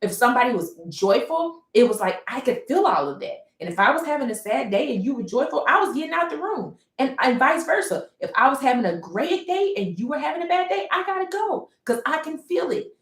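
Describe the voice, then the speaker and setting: A woman telling her personal story during a livestream, reflective and searching for words, with many pauses and restarts. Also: high voice, very animated. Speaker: painter livestreaming. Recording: roomy echo.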